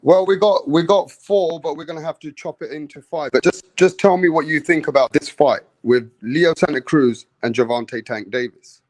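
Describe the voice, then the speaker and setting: A man hosting a live boxing talk stream, talking in a lively, emphatic way. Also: a little high, normal speed, hardly any pauses, no echo, rough recording. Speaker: boxing show host. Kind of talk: casual live-stream chat.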